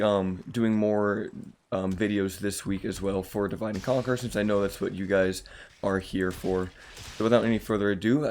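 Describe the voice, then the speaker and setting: A man with a slightly rough morning voice, casually commenting on a strategy game as the channel host, relaxed and rambling with fillers. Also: fairly low pitch.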